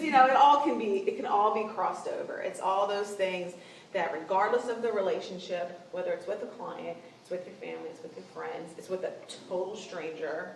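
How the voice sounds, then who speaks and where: A young adult woman giving a casual seminar talk to a team about client relations, conversational and animated. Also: on the low side. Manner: conversational, animated, acts out quoted lines. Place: meeting room with an audience. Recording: roomy room sound, distant mic, faint noise.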